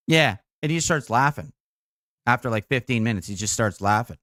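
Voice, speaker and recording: A young man talks casually to his stream chat, rambling through stories full of fillers and swearing. His voice sits at an ordinary middle pitch. The sound is close and dry, with no room echo. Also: fairly quick, a bit bright. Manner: rambling, profane, filler-heavy storytelling. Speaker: game streamer.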